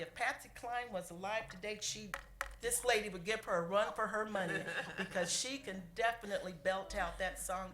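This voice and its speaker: A woman city clerk speaks into a podium mic in a council chamber, her voice warm with feeling and breaking into pauses as she tries not to cry. The room is echoey, and a faint hum sits under her words. Her pitch stays in a middle range. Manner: heartfelt, halting, fighting back tears. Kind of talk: emotional tribute speech at a council meeting.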